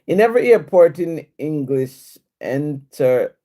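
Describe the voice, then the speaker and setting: A woman's voice: low voice, expressive, unhurried, warm tone. A woman with a Jamaican accent on a live stream, reading viewer comments aloud and chatting back to them. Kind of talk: casual live-stream chat.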